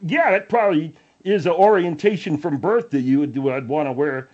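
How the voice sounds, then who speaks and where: High husky sarcastic man. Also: moderate pace, darkish tone, muffled recording. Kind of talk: comedy banter.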